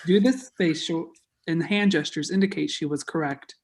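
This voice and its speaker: Reader: woman, lowish voice, matter-of-fact stage directions. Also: moderate pace.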